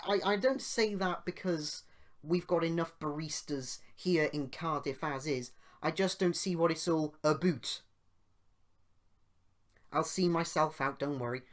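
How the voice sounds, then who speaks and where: Rambling British man telling stories. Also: on the high side. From United Kingdom. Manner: rambling, goes off on tangents; grows loud and indignant while retelling. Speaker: podcast host. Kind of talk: casual storytelling podcast.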